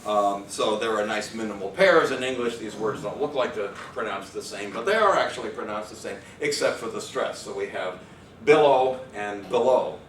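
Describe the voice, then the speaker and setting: A man with a fairly low voice delivers an academic lecture, wandering through his points with fillers and quick self-corrections. He sounds distant from the microphone in an echoey room. A faint hiss sits underneath. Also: expressive, fairly bright tone. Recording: echoey room, far mic, faint noise.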